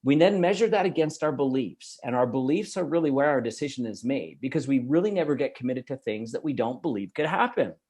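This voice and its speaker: A middle-aged man from Canada, giving an energetic, emphatic motivational talk as a guest speaker. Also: medium pitch, fairly quick, few pauses, husky. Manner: energetic, emphatic, laughs easily.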